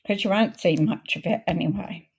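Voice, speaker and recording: A woman hosting a card-making video, chatting in a homely way while she works, her voice a little croaky. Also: fairly low pitch. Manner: chatty, homely, unhurried, talks while working. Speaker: craft video host. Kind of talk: casual crafting demo chat.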